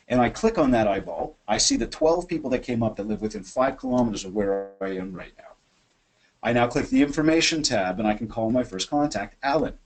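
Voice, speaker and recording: A man hosting a webinar from his office, coaching sales in an energetic, chatty way and acting out phone calls. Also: medium pitch, rough recording. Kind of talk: animated software demo and sales coaching.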